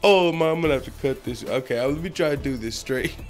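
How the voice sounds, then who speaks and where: A man's voice: medium pitch, a little fast, soft background music. A man hosting a casual MMA news channel, cursing a lot and laughing often as he talks. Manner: profane, laughs often, excitable. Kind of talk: casual commentary vlog.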